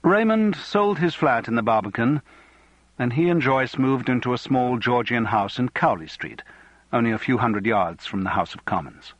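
A man reading a novel aloud as audiobook narrator, measured and even. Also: medium pitch, no room sound, dull audio. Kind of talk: scripted narration.

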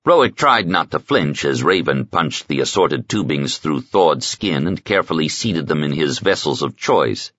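A man narrating an audiobook in a measured, even storytelling manner. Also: rumbling low, slightly rough, no room sound, highs cut off. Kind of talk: scripted narration.

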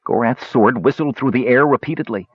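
Male storyteller, scripted narration, expressive, husky, dry sound, slightly muffled. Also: mid-range voice, fairly quick, dry recording. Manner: expressive, dramatic reading.

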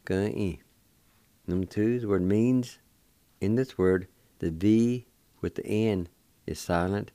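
Older male radio host, deep and dry, unhurried teacher who repeats each syllable. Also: warm tone, no echo. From Cherokee Nation, Oklahoma. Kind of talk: slow spelled-out language lesson.

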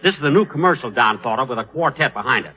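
A man hosting a scripted radio comedy, vain and easily wounded, drawing out comic pauses. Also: medium pitch, lively intonation, husky. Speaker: comedy show host. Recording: dull old radio recording with hiss.

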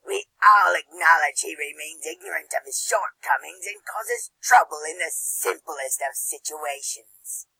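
An old, feisty gnome chieftain, worn out by the same old complaints, as a male narrator puts him on. His voice is raised, crackly and raspy, with a sharp, bright edge. The recording is dry and close. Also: fairly high pitch, very animated, a little slow, hardly any pauses, dry recording, voice pushed up, heavily acted. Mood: weary.

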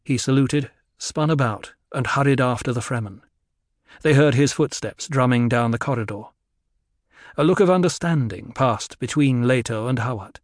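Male narrator, scripted audiobook reading, measured and even, mid pitch, dead-dry close recording. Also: no room sound.

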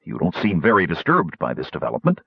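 Brief: earnest young knight, firm and plain, husky low voice, man reading. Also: huge pitch swings, fast, no echo, highs cut off, exaggerated voice. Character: earnest young male knight, steady and dutiful. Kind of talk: audiobook character voice.

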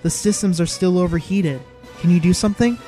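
A man voicing a quick-witted young boy pilot with eager, urgent exclamations, in a storybook reading. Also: high-pitched, warm tone, faint music behind, close to an everyday voice. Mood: tense.

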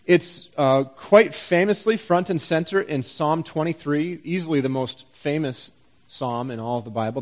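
A man's voice: a little high, normal speed. A man pastor giving a sermon in a church, conversational and full of rhetorical questions and wry humor.

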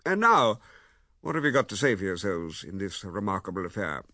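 A man voicing a pompous, waggish middle-aged gentleman who lectures genially and with self-satisfaction in a storybook reading. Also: low-pitched, big pitch swings, brisk, no echo, clean studio sound, exaggerated voice. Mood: lecturing.

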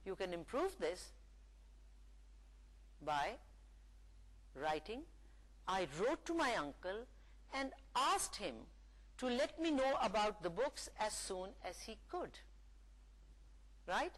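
A woman lecturer giving a recorded English lesson, reading example sentences aloud in a slow, deliberate way. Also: medium pitch, poor audio. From Pakistan.

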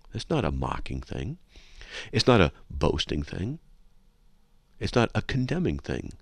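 This is a dry recording of a man with a low-pitched voice and vocal fry. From a radio studio with a control room window, he hosts talk radio, sarcastically lecturing and reading out emails from listeners.

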